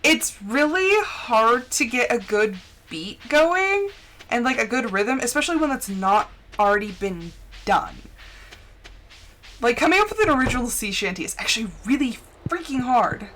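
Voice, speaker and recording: A woman's voice: on the high side, normal speed, a little hiss or hum. A young adult woman hosting a live stream, chatting casually and playfully while she plays a game. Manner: chatty and playful, with animated storytelling asides. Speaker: live-stream gaming host.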